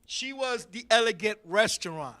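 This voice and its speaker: A man hosting a talk show in a studio, telling a comedic story with loud bursts and laughing asides. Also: high voice, expressive, moderate pace. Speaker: podcast host.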